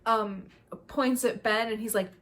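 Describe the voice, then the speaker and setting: A woman talking to camera in a casual review vlog, ranting in an animated, exasperated way. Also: a little high, unhurried, a little hiss or hum. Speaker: video creator.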